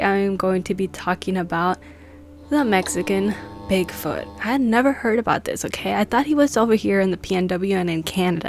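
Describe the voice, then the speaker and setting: A young woman hosting a paranormal channel, chatting casually and reading an article aloud, her voice wavering and breathy. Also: mid-range voice, a little mellow. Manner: chatty, self-joking.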